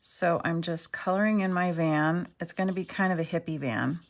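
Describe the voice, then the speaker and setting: A woman's voice: on the low side, normal speed. A middle-aged woman teaching a card-making craft tutorial, chatty and self-deprecating, often checking in with "okay". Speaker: craft instructor.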